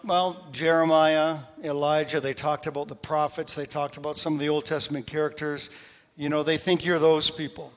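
A man preaching as pastor, telling funny stories in an animated, joking way. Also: on the high side. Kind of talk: sermon with humorous stories. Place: church sanctuary. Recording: long reverb of a church hall.

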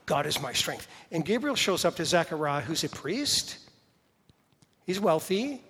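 A man delivers a sermon in a church sanctuary, with a voice that sits a little high for a man. He talks conversationally, throws out rhetorical questions and slows down on key words for emphasis. The room adds a long, echoing reverb. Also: big pitch swings, fairly bright tone, slightly rough. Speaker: pastor.

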